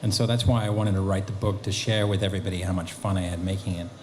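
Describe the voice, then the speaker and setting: A man, a guest actor and author, telling lively anecdotes at a convention Q&A, acting out bits of dialogue. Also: deep voice, quick pace, a little hiss or hum. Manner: animated storyteller, acting out quotes. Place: convention hall.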